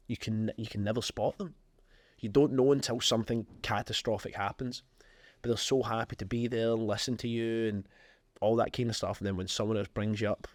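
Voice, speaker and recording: A man's voice: on the low side, no echo. A man hosting a podcast, giving frank, emphatic motivational talk about business. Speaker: podcast host.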